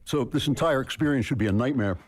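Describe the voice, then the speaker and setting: A man giving a university speech, joking in a dry, measured way. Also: mid-range voice, a little hiss or hum. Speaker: speaker.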